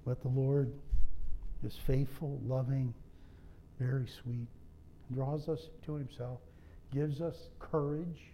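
A man's voice: medium pitch, fairly even intonation, slow, long pauses, mellow, slight background noise. A middle-aged man preaching a sermon in a conversational way, with humorous asides and personal stories. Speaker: pastor.

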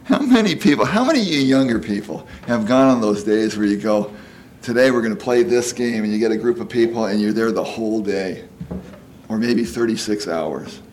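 A man's voice: fairly low pitch, animated, brisk, a little mellow, a little hiss or hum. A man in his sixties giving a conversational sermon, folksy and chatty, often asking "you know?" and acting out quoted voices. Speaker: preacher.

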